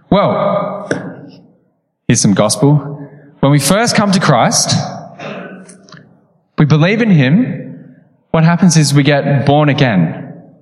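A man, preaching a sermon with casual storytelling and laughing asides. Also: mid-range voice. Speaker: pastor. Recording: echoey hall with long reverb.

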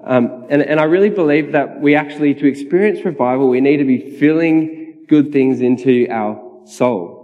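Using a slightly high voice at normal speed, a man gives a personal testimony sermon as a preacher, chatting casually and laughing frequently. The hall recording sounds dull and reverberant.

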